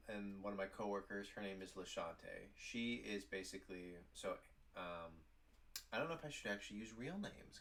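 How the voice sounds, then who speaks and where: A man's voice: deep voice, sharp tone. A man vlogging casually, telling a work story in a rambling way with lots of "like". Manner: rambling, heavy use of "like".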